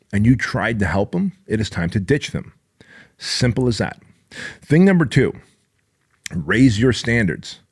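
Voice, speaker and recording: A man in his forties hosting a podcast, giving a blunt, profane motivational monologue with heavy emphasis. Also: lowish voice. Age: 40s. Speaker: podcast host.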